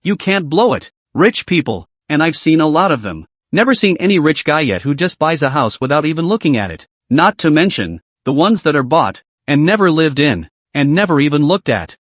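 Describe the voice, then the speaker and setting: A man's voice: a little high, big pitch swings, normal speed, hardly any pauses, no room sound. A man reading as a blunt, chatty taxi driver. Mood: teasing. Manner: chatty, skeptical, rambling. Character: blunt talkative middle-aged male taxi driver. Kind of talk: scripted story narration.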